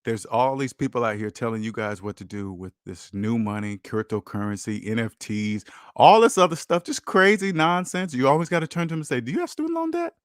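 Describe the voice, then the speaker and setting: A man's voice: medium pitch, brisk, hardly any pauses, clear, resonant tone, dry recording, clean studio sound. A man hosting a finance channel, talking casually and preachily about money and debt, acting out the voices of people he quotes.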